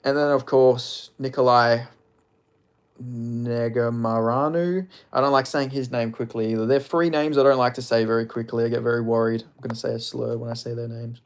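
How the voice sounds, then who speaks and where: A man's voice: mid-range voice, level tone, fast talker, hardly any pauses. A young man, chatting casually and crudely on a live stream, rambling with lots of fillers.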